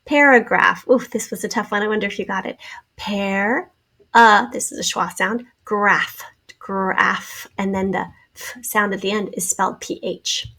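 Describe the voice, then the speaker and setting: A woman's voice: mid-range voice, moderate pace, sharp tone. A woman teacher giving a spelling lesson to young pupils, patiently sounding out letters and syllables for a class video.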